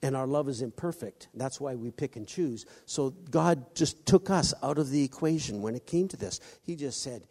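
A man preaching a sermon, halting often with restarts and acting out quoted voices. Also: medium pitch, animated, a little mellow, breathy edge. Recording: long hall reverb.

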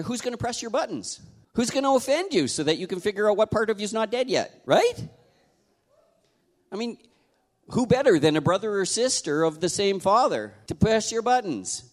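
A middle-aged male pastor delivers a sermon in church with a very animated, swinging delivery. He jokes and teases his listeners, and his voice jumps sharply upward on surprised exclamations. His pitch sits in the middle of the male range. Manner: animated, jumps high on exclamations, warm and joking with the congregation. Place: church hall, in front of a congregation.

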